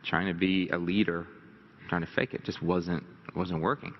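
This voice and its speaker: A man's voice: sits low, fairly even intonation, normal speed. A man telling a candid, rambling, self-deprecating story to a live audience as a motivational speaker. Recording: dull lo-fi recording in a reverberant hall.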